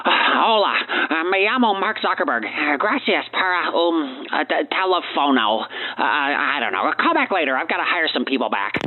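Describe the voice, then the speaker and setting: A man's voice: fairly high pitch, lively intonation, normal speed, few pauses, slightly rough, voice pushed up. A radio host putting on an impression of a flustered tech boss who answers his own company phone line, rambling and apologetic, out of breath. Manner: rambling, apologetic, stumbling over words. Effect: phone line filter. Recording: tinny phone-line sound.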